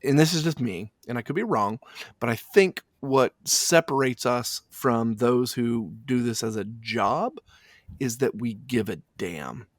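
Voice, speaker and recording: Halting, reflective man, dry sound. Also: mid-range voice, no echo. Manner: halting and reflective, with frequent restarts. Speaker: funeral director. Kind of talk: casual interview chat.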